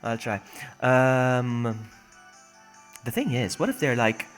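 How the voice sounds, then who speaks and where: A young man chats through a video game stream, joking, laughing and reading the on-screen text aloud. His mid-pitched voice swings up and down a lot, and faint music plays underneath. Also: animated, normal speed. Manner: chatty, jokey, laughs often, reads game text aloud. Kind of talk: casual let's-play commentary. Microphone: phone.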